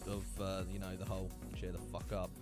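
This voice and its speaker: A man co-hosting a casual gaming live stream while he plays, relaxed and dryly joking. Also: deep voice, a little fast, over music. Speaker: co-host and player.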